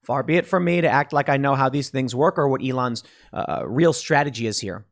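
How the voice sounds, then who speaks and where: A man's voice: mid-range voice, fairly quick. A man hosting a podcast, giving emphatic, sarcastic commentary. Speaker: podcast host. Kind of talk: opinionated commentary.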